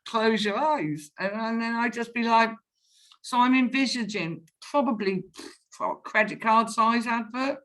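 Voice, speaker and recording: A woman in sales chats casually in an interview, acting out old phone calls as an animated storyteller. Her voice is a little high and her pace moderate.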